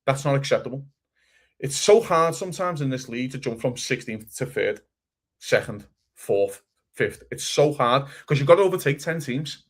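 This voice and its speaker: A man co-hosting a casual football chat, animated and swearing, acting out other people's quotes. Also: mid-range voice, fairly quick. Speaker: podcast co-host.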